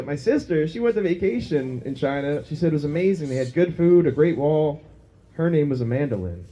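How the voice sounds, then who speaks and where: A man's voice: on the high side, dark tone. A man doing a crude, self-mocking stand-up set on a small pub stage, laughing at his own jokes. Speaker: stand-up comedian.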